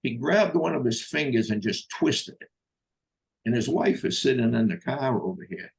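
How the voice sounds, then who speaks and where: A man's voice: mid-range voice, very animated, moderate pace, creaky, slightly rough. An older man telling a personal story in a blunt, profane way, acting out the voices of the people he quotes. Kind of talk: casual storytelling.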